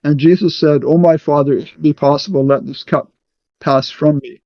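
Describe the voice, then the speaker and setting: Deliberate man leading a Bible study. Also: fairly high pitch, steady tone, dry recording. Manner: deliberate, checks in with "okay" often. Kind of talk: teaching a scripture study. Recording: muffled, dry sound.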